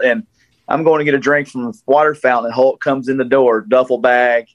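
Southern man in his forties, casual storyteller, dry close recording, mid-pitched voice. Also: unhurried, pauses often, no room sound, low-quality recording. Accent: Southern American. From Tennessee, USA. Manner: animated storyteller, acts out quoted voices.

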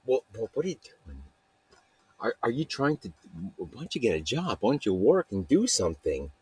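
A man voicing a nagging critic who badgers him with rapid questions about getting a job. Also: mid-range voice, big pitch swings, darkish tone, breathy edge. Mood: badgering.

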